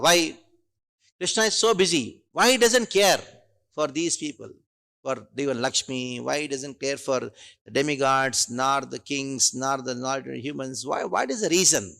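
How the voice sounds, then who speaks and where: A man's voice: on the high side, vocal fry, fairly bright tone. A man with an Indian accent giving a scripture class at a temple, reciting Sanskrit verses and posing rhetorical questions. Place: temple hall.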